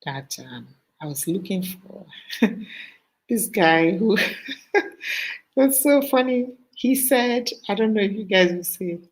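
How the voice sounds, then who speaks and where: A middle-aged woman hosting a casual live-stream chat, telling stories with animated asides and a preachy streak. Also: mid-range voice, measured pace, slightly rough, low-quality recording.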